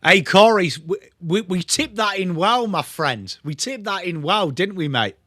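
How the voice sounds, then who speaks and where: A young man hosts a live football watchalong, chatting with viewers by name and swearing freely as he calls the play. His voice sits a little high for a man and has a bright, forceful edge. The sound is close and dry, with almost no room around it. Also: lively intonation, measured pace, dry recording. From England. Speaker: watchalong host. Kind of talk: casual live football commentary and chat.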